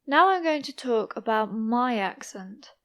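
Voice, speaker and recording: A young woman with an East Midlands English accent teaches English in a clear, unhurried monologue. She talks slowly and pronounces each word with care. Her voice sits a little high. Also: lively intonation, fairly bright tone. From East Midlands, England. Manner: careful, deliberate pronunciation. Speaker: English teacher, podcast host.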